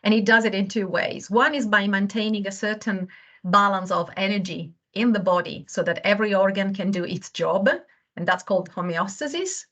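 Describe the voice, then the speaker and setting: A woman's voice: medium pitch, normal speed, a bit bright. A woman who is not a native English speaker, a guest on a webinar, explaining earnestly from home and searching for words now and then. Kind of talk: explanatory talk. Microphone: video call.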